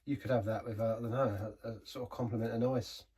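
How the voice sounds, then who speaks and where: Husky man reviewing beer. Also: mid-range voice, fairly even intonation, mellow, far from the mic. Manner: rambling, halting restarts. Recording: voice set back from the mic.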